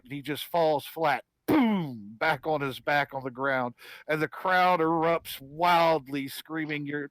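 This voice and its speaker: A man narrating a tabletop game as game master, with a bright, forward voice pitched a little high. The sound is dry and close to the mic. He describes the action with animated, vivid detail. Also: dry recording, poor audio.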